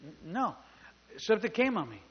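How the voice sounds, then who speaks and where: High-voiced man preaching, animated. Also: normal speed, muffled recording. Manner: animated, acts out dialogue, jokes with the congregation. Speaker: pastor. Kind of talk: storytelling sermon. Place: church service with live congregation.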